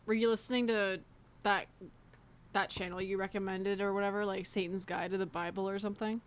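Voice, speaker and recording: A woman's voice: mid-range voice, steady tone, brisk, clear, resonant tone. A woman co-hosting a casual comedy podcast, answering with dry, wry quips. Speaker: podcast co-host.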